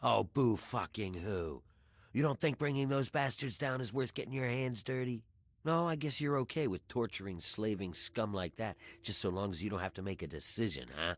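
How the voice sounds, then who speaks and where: A man's voice: on the low side, moderate pace, dry recording, natural voice. An actor playing a bitter, scornful male rebel leader in video game dialogue, talking with a sneering, contemptuous edge.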